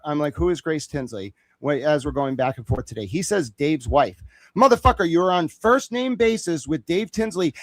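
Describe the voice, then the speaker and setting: Brief: male guest, higher-set voice, profane and excitable storyteller, bone-dry close mic. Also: dry recording. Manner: profane, rapid, excitable, acts out quotes. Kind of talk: animated storytelling in conversation.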